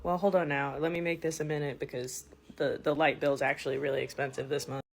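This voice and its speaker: A woman's voice: low voice, steady tone, fairly quick, gravelly, slight background noise. A young woman, ranting comedically to her phone camera in a brash, profane, riffing way. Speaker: TikTok comedian. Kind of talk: casual comedic rant to camera.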